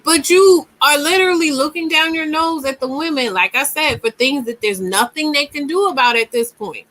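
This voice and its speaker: A woman's voice: sits high, moderate pace, hardly any pauses, fairly bright tone, poor audio. A woman hosting a casual commentary, reacting to a clip and reading comments aloud, emphatic and given to repeating words mid-thought.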